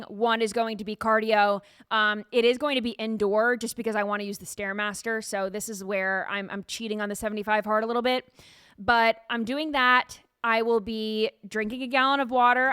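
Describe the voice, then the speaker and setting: A woman podcast host in casual chat, telling stories in an animated way with frequent laughter, recorded in a studio. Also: fairly high pitch, clear, resonant tone, no echo.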